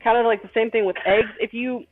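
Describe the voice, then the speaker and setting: A woman's voice: a little high, fairly even intonation, quick pace. Female cooking-stream host, casual and rambling, self-deprecating, tinny lo-fi audio. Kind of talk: casual chat while cooking. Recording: tinny phone-like stream audio with faint music.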